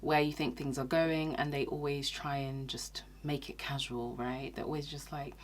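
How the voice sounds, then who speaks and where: A woman's voice: very deep voice, little pitch movement, moderate pace. A young woman giving frank, chatty dating advice in a casual vlog. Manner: chatty, frank, often asks "okay?". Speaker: YouTuber.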